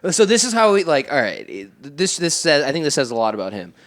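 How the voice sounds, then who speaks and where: A man's voice: on the high side, sing-song, a little fast. A man co-hosting a casual comedy podcast, reading text messages aloud and breaking off to mock them, often laughing.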